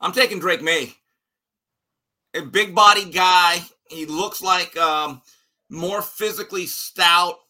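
A man's voice: high-pitched, slow pace, pushed and bright. A man giving blunt, emphatic and sarcastic opinions as a guest analyst on a sports talk show.

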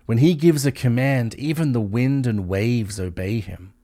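A man's voice: medium pitch, a little slow, warm tone, lightly acted. A man reading aloud the alarmed cries of frightened disciples in a storm. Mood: awed.

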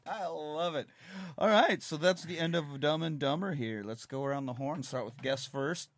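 A man's voice: on the high side, moderate pace, no echo. A man hosting a casual movie-rewatch podcast, swearing and laughing through the banter. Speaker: podcast host.

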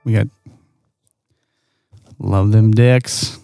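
A man's voice: lowish voice, steady tone, extremely slow, vocal fry, mellow, dry recording, studio quality, soft background music. A man co-hosting a podcast, easygoing and often laughing in casual chat during a drinking game. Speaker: podcast co-host.

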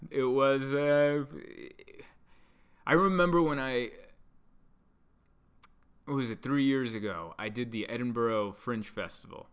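A man doing a stand-up comedy routine, telling a rambling deadpan story with restarts and asides. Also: fairly low pitch, clear, resonant tone. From United States.

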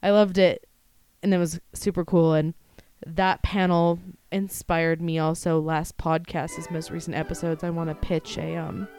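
A woman's voice: on the low side, little pitch movement, a little slow, darkish tone, clean tone, faint music behind. Blunt, swearing young woman podcaster. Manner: blunt, swears freely, laughs often. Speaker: podcast co-host. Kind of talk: casual podcast chat.

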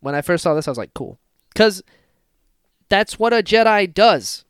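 A man co-hosting a casual fan podcast, talking excitedly and acting out scenes with sudden loud bursts. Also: high-pitched, normal speed, clean tone, no echo, clean studio sound. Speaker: podcast co-host.

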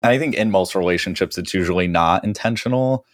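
A man co-hosting a podcast, chatting casually about relationships in a relaxed, self-deprecating way. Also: low voice, fast talker, no room sound, studio quality. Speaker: podcast co-host.

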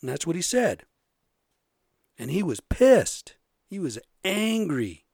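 Profane rambling man with a raspy throat. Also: sits high, sing-song, slow pace, darkish tone, no room sound, studio quality. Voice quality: a little raspy. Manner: blunt, profane, rambling with frequent "right?". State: sore throat. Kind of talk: casual ranting monologue.

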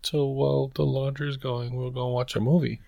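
A man co-hosts a podcast in relaxed conversation. He rambles, apologizes and laughs his way through explanations. His voice sits at an average pitch. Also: normal speed, vocal fry. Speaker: podcast co-host and editor. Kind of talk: casual chat.

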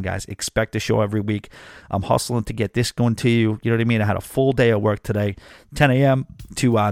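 A man's voice: mid-range voice, smooth, no room sound, clean studio sound. Chatty New podcast host, man. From New York. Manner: chatty and animated, with frequent fillers. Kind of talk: casual podcast storytelling.

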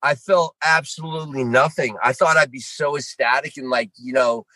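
A middle-aged man from Vermont telling stories as a guest on a casual chat show, animated and swearing freely, acting out what he said. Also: medium pitch, normal speed, no room sound, low-quality recording. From Vermont, USA. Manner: animated, swears freely, acts out his own lines. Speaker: guest actor.

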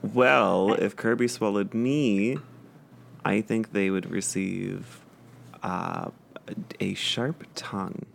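Very deep gravelly woman with sardonic quips. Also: fairly even intonation, takes it slowly, slight background noise. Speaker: podcast co-host. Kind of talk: casual chat.

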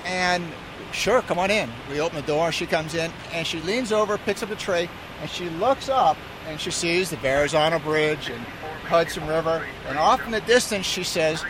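A man's voice: on the high side, normal speed, noisy background. A man who is an airline pilot, casually telling an amused anecdote with a few restarts. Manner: relaxed storyteller, amused, some restarts.

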